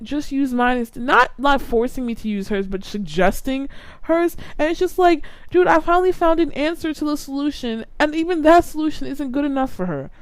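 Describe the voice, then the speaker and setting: A young adult woman with a high voice hosts a podcast, ranting casually and with exasperation while filling her speech with "like." The recording has no echo.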